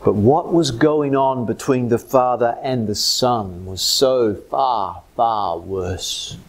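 A man with an Australian accent preaching a sermon as pastor, swinging between loud emphatic lines and low hushed ones. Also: takes it slowly.

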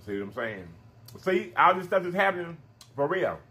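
A man hosting a mukbang vlog, talking straight to his viewers in an animated, emphatic way and repeating his phrases for effect. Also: a little high, moderate pace. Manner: emphatic, preachy encouragement. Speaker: mukbang channel host. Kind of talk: casual vlog sign-off talk.

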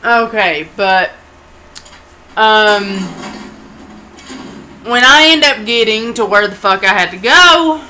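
A woman's voice: fairly high pitch, lively intonation, slow pace, pauses often, sharp tone, a little hiss or hum, low-quality recording. A sleepy woman chatting casually during a game, telling a rambling story full of swearing. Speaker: co-commentator. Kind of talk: casual chat.

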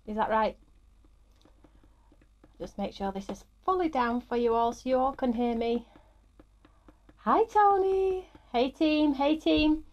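A woman's voice: a little high, a little slow, pauses often, darkish tone, dull audio. A woman, middle-aged, hosting a live craft stream in an upbeat, chatty way and greeting viewers by name.

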